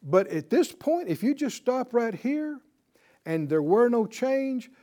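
A man teaching a Bible class, telling the story in an animated way and chuckling often. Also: extremely high pitch, slow.

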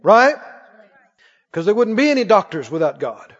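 A man pastor preaching a sermon emphatically, rising to shouts and dropping to quick asides. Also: sits high, sing-song. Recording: dull sound with long church reverb.

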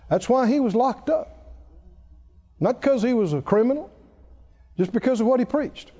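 A male pastor delivers an emphatic sermon, his voice pitched high but dark and mellow in tone. He leans hard into key phrases. The recording sounds dull and lo-fi. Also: lively intonation, normal speed, long pauses.

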